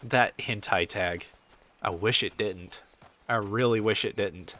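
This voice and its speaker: A man's voice: lowish voice, takes it slowly, bright, forceful tone. A man chatting casually on a game stream, rambling and swearing as he answers chat.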